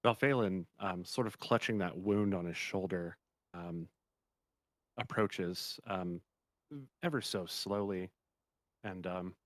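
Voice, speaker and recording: A man narrating as game master, hesitant and filling pauses with ums. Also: sits low, steady tone, no echo. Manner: halting narration full of ums.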